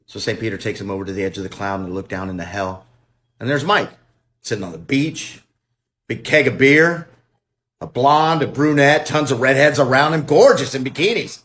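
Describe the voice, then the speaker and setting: A man telling a joke in a casual, animated way, dropping to a quieter voice for the characters. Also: medium pitch, normal speed, slight background noise. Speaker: joke teller.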